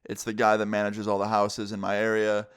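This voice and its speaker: A man's voice: lowish voice, completely flat delivery, brisk, clean tone. A man in his twenties casually telling a storytime vlog story, swearing often. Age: 20s. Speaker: vlogger.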